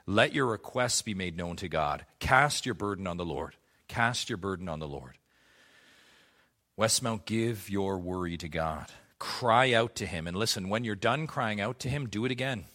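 Bright-voiced impassioned male preacher. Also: lowish voice. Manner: impassioned, building to emphatic peaks. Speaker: pastor. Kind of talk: sermon.

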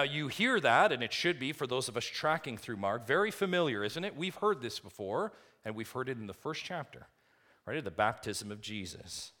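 A male pastor preaching a sermon, swinging from loud, rising emphasis to quiet, low asides and asking the congregation rhetorical questions.

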